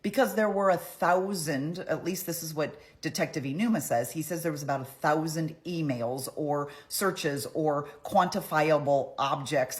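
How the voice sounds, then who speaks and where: A middle-aged woman giving a chatty, opinionated trial recap, often acting out what people said. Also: low voice. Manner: chatty, opinionated, acts out quotes. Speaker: trial commentary vlogger. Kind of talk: casual trial recap commentary.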